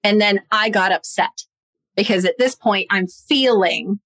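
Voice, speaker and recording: A woman telling a personal story in a podcast conversation, lively and acting out quoted lines. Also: medium pitch, a little slow, no room sound. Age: adult, parent of a young son. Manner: animated, acts out her own and others' quoted lines.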